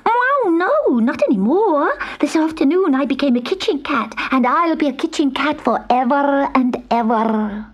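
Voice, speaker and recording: A woman voicing a timid young male witch's kitten on a storybook tape, high and earnest. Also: animated, a little slow, few pauses, dull audio. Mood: proud.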